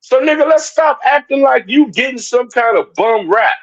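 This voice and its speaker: Talking straight at his chat, a man delivers a heated, confrontational livestream rant, going over his points again and again. He's a commentator with a very high, animated voice at normal speed, heard through dull lo-fi stream audio.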